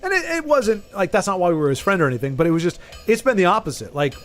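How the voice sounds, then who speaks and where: A man with a Texan Southern accent streams a game and chats casually with his viewers, his voice high-pitched and swinging widely in pitch as he talks fast. He rambles, loses his thread mid-thought and starts sentences over.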